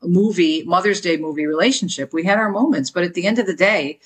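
A middle-aged woman speaks as a guest author. Her talk is earnest and energetic, and she often doubles a word as she sets off on a thought. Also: fairly low pitch, quick pace, husky, poor audio. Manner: energetic, earnest, repeats words when starting a thought. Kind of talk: casual interview talk.

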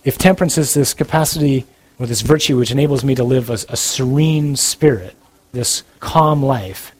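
A man's voice: mid-range voice, moderate pace. A man giving a sermon-style talk, speaking in an earnest, direct and conversational way. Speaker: preacher.

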